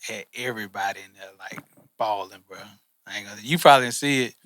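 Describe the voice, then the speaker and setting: Bright-voiced man telling a slangy story. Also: lowish voice, fast talker, no room sound. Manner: loose slangy storytelling, says "bro" a lot. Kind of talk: casual chat.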